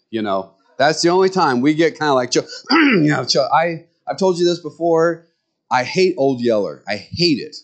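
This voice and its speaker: A middle-aged man preaching a sermon in a folksy, conversational way, full of rambling asides, jumping up in pitch when he acts out what others say. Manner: jumps to high pitch when acting out others' words. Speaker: pastor.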